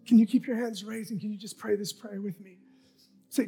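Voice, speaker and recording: A man preaching a sermon and leading a prayer, fervent and rhythmic, repeating phrases and swinging from soft whispers to shouts. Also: high-pitched, fairly even intonation, brisk, creaky.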